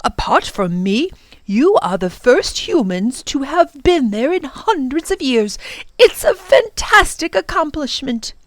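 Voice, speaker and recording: A woman reading a storybook aloud, voicing a wise, kind older professor who reassures the children in a lively way. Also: high voice, measured pace, no echo, pitched above the performer's own voice. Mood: reassuring.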